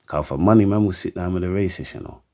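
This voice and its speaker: Deep-voiced man, heated rant to camera, repetitive and stammering. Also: quick pace, dark tone. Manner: heated and emphatic, keeps asking for agreement; stammers and repeats words. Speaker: commentator.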